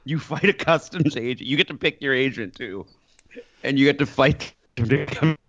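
A man's voice: mid-range voice, normal speed, a bit bright, dry recording. Rambling man with a dull, dry sound. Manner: rambling storyteller, crude jokes. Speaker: podcast co-host. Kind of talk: casual chat.

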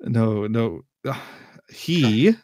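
A man's voice: medium pitch, animated, drawn-out words, a little mellow, no room sound, clean studio sound. A man chatting casually as podcast host, laughing often and restarting his sentences. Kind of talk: casual chat.

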